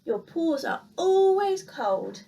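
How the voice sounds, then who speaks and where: A woman voicing a patient older male mouse who answers calmly and firmly, read from a storybook. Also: extremely high pitch, takes it slowly, vocal fry, far from the mic, voice pushed up, exaggerated voice. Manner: calm, matter-of-fact.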